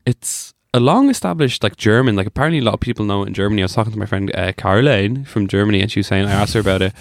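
A man's voice: lowish voice, racing, dry recording, clean studio sound. A young man co-hosting a podcast in casual chat, rambling and joking with lots of fillers. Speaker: podcast co-host.

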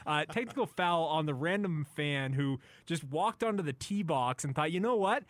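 A man hosting a sports radio show in a studio, joking and laughing with his co-host and quickly restarting his sentences. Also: fairly high pitch, expressive, no echo. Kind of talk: casual sports radio banter. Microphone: studio microphone.

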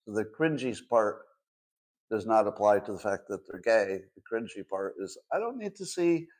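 A man's voice: fairly low pitch, big pitch swings, normal speed, darkish tone. A man in his sixties hosting his own show, talking casually and sarcastically in rhetorical questions. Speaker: host. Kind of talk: casual solo commentary.

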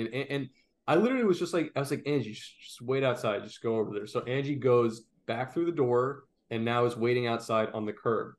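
A man telling a wild story to a friend in a loose, casual chat. His voice sits at a middling pitch, and he swears freely as he acts out the lines of the people in the story. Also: a little fast. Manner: animated, swears freely, acts out shouted quotes. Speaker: podcast co-host telling a story.

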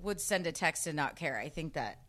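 A woman's voice: low-pitched, lively intonation, moderate pace, a bit bright. A woman co-hosting a podcast, chatting candidly and laughing, often trailing off mid-sentence. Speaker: podcast co-host. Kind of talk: frank casual chat.

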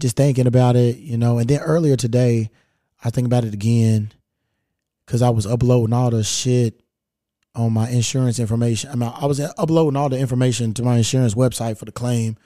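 A man's voice: medium pitch, fairly even intonation, moderate pace, mellow, dry recording, studio quality. A man from Kentucky hosting a podcast, telling a story in a blunt, profane, rambling way. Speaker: podcast host. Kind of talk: casual storytelling monologue.

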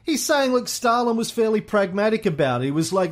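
Brief: lively male podcast host, swooping pitch, slightly high voice, joking. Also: brisk, hardly any pauses. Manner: joking, animated, reads excerpts aloud. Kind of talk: casual history podcast chat.

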